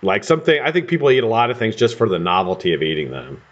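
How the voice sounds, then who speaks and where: A man's voice: on the low side, very animated, fast talker. An American man hosting a live stream, chatting casually and rambling with casual swearing while he builds coils. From United States. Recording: dull lo-fi stream audio.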